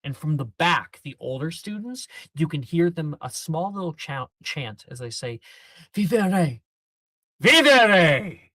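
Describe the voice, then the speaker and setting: A man narrating a tabletop game as game master, slow and hushed. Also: a little high, expressive, no room sound, clean studio sound.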